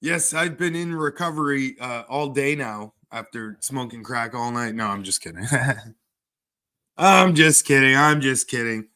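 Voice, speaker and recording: A man's voice: mid-range voice, pushed and bright. A man, livestreaming and answering chat with crude, sarcastic banter. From Canada. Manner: sarcastic, crude, slow drawl.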